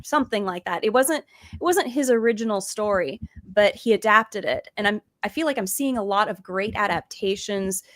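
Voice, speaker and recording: A woman's voice: mid-range voice, animated, normal speed, a bit bright, no echo. Chatty woman podcast host, dry sound. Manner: chatty, questioning. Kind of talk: casual discussion.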